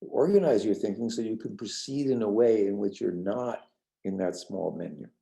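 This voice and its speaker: Older male workshop trainer from the New York suburbs, gravelly and very dark, casual lecture with halting restarts. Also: lowish voice, low-quality recording. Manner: rambling, repeats words and restarts, gentle. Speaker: trainer leading a parenting workshop.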